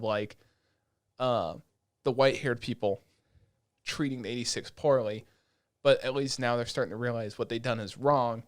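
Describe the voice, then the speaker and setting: A man co-hosting a casual anime podcast, excitable and profane, retelling scenes with animated energy. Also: medium pitch, dry recording, studio quality. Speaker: podcast co-host.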